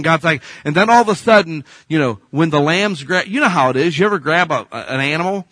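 Animated male preacher, bright dry voice. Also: a little high, fast talker, hardly any pauses, no echo. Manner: animated storytelling, swings from hushed to loud. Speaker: pastor. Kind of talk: sermon.

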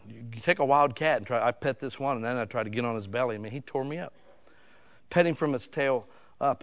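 A middle-aged male pastor preaching a sermon in a folksy, conversational way, breaking into loud emphatic bursts. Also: mid-range voice.

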